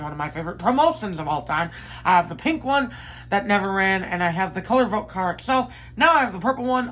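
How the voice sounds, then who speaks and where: A woman vlogging casually from her bedroom, chatty and enthusiastic, rambling with fillers and quick self-corrections as she unboxes collectibles. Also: on the low side, a bit bright, a little hiss or hum, rough recording.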